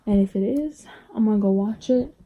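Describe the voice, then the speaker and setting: A young woman chatting casually to camera in a book vlog at home, drifting into soft whispers. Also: medium pitch, brisk, narrow, tinny audio. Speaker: book vlogger.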